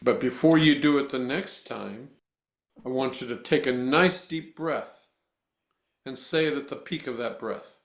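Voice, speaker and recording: A man working as a voice coach, guiding a breathing exercise with slow, deliberate, instructive cues and then answering interview questions. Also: medium pitch, reverberant.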